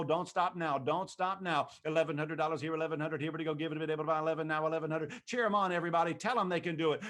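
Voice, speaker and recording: A man running a live online charity auction, hyping bidders and rattling off a quick auctioneer's chant. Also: fairly high pitch, fairly bright tone.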